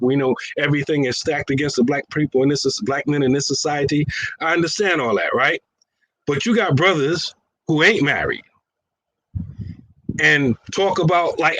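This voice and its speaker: A man's voice: a little high, fairly bright tone, no room sound, rough recording. A man co-hosting a casual religious discussion, teasing and laughing often and putting on voices when he quotes people. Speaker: co-host.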